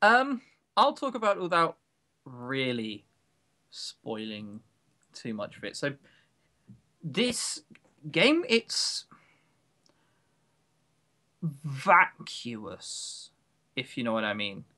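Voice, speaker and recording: A young British man co-hosting a podcast, chatting casually in an animated, joking way that rambles and corrects itself. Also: mid-range voice, slow, long pauses. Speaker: podcast co-host. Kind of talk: casual chat.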